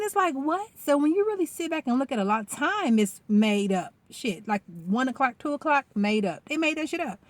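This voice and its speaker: A woman talking casually in a vlog, rambling and animated and swearing freely. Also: mid-range voice. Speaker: vlogger. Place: outdoors.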